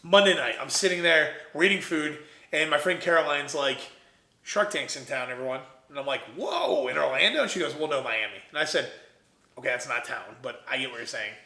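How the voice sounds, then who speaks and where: A young man from Ohio, an entrepreneur guest, telling his story in a casual, animated way and acting out what others said. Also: medium pitch, brisk, roomy sound. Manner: animated, quotes himself and others in lively voices.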